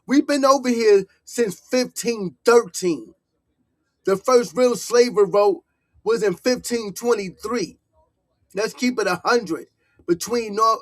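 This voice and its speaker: A man's voice: sits high, no room sound. A man with a New York accent, talking loosely in slang and growing heated in a casual commentary vlog. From Harlem, New York. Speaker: vlogger.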